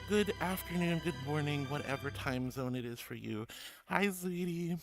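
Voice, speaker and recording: A woman's voice: deep voice, normal speed. A woman VTuber streamer chatting casually and affectionately with viewers, bubbly and self-deprecating, with a stuffy nose from allergies. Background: background music.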